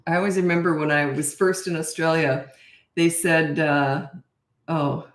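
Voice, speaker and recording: A woman's voice: sits low, fairly even intonation, unhurried. Chatty woman on an echoey live stream. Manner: chatty, rambling, laughs often. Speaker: parenting coach. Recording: echoey room.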